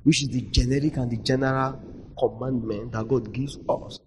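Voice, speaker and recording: A man preaching a sermon in a conference hall, prompting the audience to finish his sentences and swinging between loud emphasis and near-whispers. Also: medium pitch, fairly even intonation, normal speed, slight background noise.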